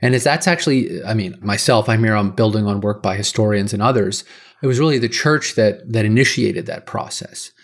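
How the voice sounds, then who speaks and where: A man's voice: fairly low pitch, a little fast. A man being interviewed as a guest author, explaining his ideas in long, list-like answers. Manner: explanatory, lecture-like listing. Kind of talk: casual interview talk.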